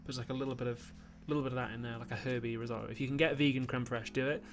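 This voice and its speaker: A man's voice: mid-range voice, flat delivery, very fast, slight background noise. A man from Newcastle with a Geordie accent, chatting on his livestream, reading viewer messages, rambling with fillers and the odd burst of mock outrage. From Newcastle, northern England. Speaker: YouTube host on a livestream. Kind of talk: casual live-stream chat reading super chats.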